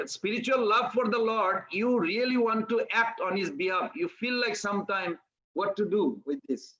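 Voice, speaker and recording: Bright high-voiced man telling a devotional story. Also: lo-fi sound. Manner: animated storytelling, acting out characters. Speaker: preacher.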